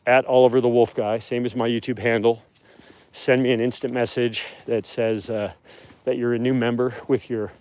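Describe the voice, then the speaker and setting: A man of medium pitch rambles cheerfully through a casual livestream, laughing easily between asides. He is outdoors beside wolf enclosures, talking into a handheld phone. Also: darkish tone. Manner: rambling and chatty, with easy laughter. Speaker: wolf sanctuary host.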